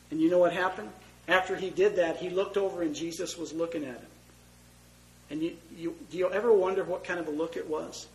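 A man preaching a conversational sermon, moving between loud emphasis and hushed, tender asides. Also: a little high, rough recording. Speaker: pastor.

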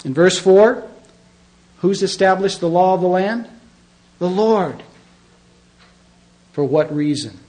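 A middle-aged pastor delivers a sermon in a somewhat high voice for a man. He keeps a casual, conversational tone and leans hard on key words. He keeps throwing questions out to the congregation. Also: unhurried, long pauses, a little mellow, poor audio. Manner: conversational, emphatic preaching with rhetorical questions.

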